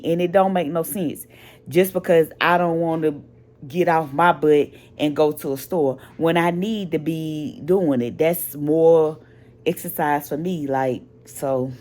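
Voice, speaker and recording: A sleepless, tired woman vlogging casually late at night, venting frankly with drawn-out, trailing phrases. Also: deep voice, darkish tone.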